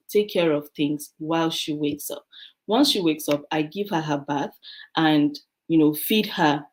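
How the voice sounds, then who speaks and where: An African-born woman with a low voice talks as a guest in a casual interview. She tells stories from her own life in a lively way and laughs often. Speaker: guest, beautician.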